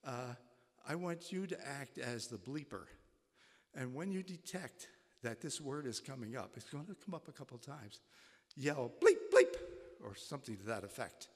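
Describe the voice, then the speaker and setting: Casting: a halting ex-professor telling a story live, mid-pitched, in a church hall with a long reverb. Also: male voice, expressive. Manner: halting, with many restarts. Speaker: retired college faculty.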